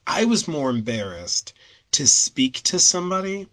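A man's voice: fairly high pitch, very animated, bright, forceful tone. A young man with a neutral Northeastern American accent, hosting a casual podcast chat and telling stories with many restarts and fillers. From United States. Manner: halting, many restarts and fillers, laughs often. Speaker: podcast host.

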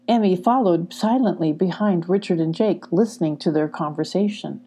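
Warm-voiced woman reading a children's story. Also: fairly low pitch, normal speed, few pauses, breathy edge. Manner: calm, even narration. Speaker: audiobook reader.

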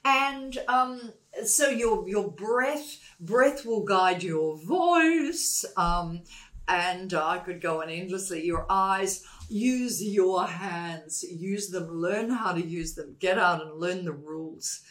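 A woman's voice: on the low side, expressive, takes it slowly, a bit bright. A woman, a communication expert interviewed as a guest, who talks emphatically and repeats points for stress. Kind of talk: conversational interview.

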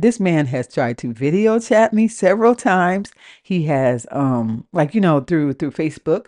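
A woman's voice: sits low, lively intonation, normal speed, darkish tone. A woman in her fifties from the West Coast, hosting a podcast and ranting casually and candidly about her dating life, swearing freely and acting out both sides of her phone calls. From West Coast of the United States. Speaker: podcast host.

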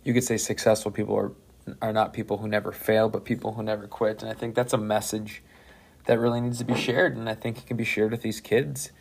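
A man who is a teacher hosting a casual interview, relaxed and encouraging, with lots of "you know" and "right". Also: on the low side, fairly quick, gravelly, slightly rough. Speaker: teacher and podcast host.

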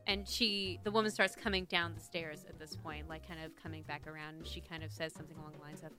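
A woman's voice: deep voice, fairly even intonation, quick pace, pushed and bright, faint music behind. A woman narrating as game master of a tabletop role-playing game, describing scenes with many fillers and restarts. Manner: hesitant, filler-heavy description.

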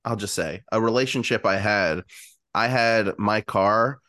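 A young man co-hosts a podcast in a casual chat, his fairly low voice pushed and bright and his pace a little slow. He's chatty and sometimes slips into baby talk for his dog. The recording is studio quality with no echo.

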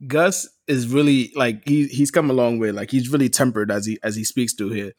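A man on a casual podcast telling animated stories, acting out quotes and laughing often. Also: mid-range voice, fairly quick, no echo, clean studio sound. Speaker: podcast co-host. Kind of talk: casual storytelling banter.

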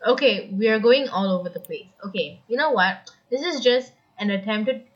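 A woman's voice: medium pitch, moderate pace. A young woman co-hosting a casual podcast chat, rambling and giggly with lots of fillers, on muffled home audio. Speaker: podcast co-host.

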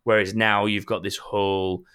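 A man's voice: fairly low pitch, level tone, moderate pace, fairly bright tone, clear, resonant tone. A man hosting a casual gaming podcast, rambling and joking, swearing now and then. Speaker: podcast host.

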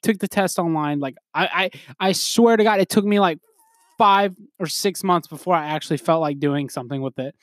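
A man's voice: on the high side, a little fast, no room sound, studio quality. Young man, rambling podcast chat. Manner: rambling, laughing, quoting others in put-on voices. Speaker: podcast host. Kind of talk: casual solo podcast chat.

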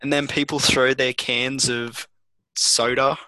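A young Australian man on a video call, chatting casually with dry, deadpan humor. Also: mid-range voice, slow pace, no room sound, low-quality recording. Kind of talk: casual chat.

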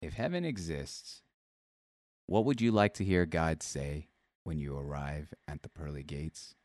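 A man hosting a casual interview podcast, rambling with many restarts, then reading out his questions slowly and deliberately. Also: very deep voice, darkish tone, dry recording, studio quality. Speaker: podcast host.

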